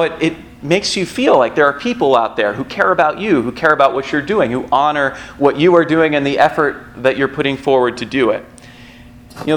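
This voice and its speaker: A man with a somewhat high voice preaches a sermon from a church pulpit. He talks in a loose, conversational way, slipping into personal stories and asides before returning to scripture. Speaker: pastor.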